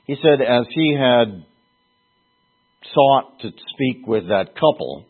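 A man preaching a sermon in an earnest, halting way, repeating words for emphasis. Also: mid-range voice, animated, breathy edge. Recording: tinny phone-like sound.

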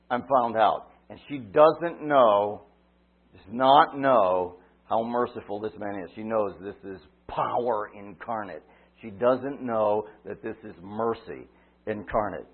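A man preaching a sermon, retelling a story dramatically, swinging from loud cries to quiet asides. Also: fairly low pitch, a little slow, slightly rough. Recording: tinny phone-like line.

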